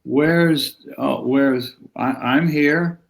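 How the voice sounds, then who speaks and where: A man with a gravelly, creaky voice teaches a yoga lesson on a live stream. He talks in a loose, rambling, conversational way and keeps breaking off to chat with viewers. His pitch sits in the middle range. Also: drawn-out words.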